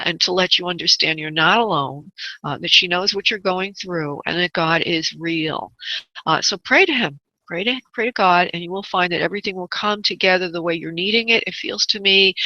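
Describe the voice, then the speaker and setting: A woman psychic medium on a call-in radio show, with a bright, clear-edged voice. She speaks gently and calls her callers honey and love, with frequent uh fillers. The audio is dry and a little dull, like lo-fi web radio. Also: on the low side, no room sound.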